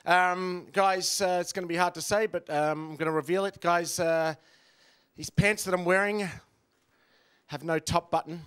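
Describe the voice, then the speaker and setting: A man's voice: high voice, steady tone, moderate pace, fairly bright tone, smooth. A man in his thirties doing a rambling, self-deprecating stand-up set, full of ums and uhs. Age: 30s. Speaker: stand-up comedian.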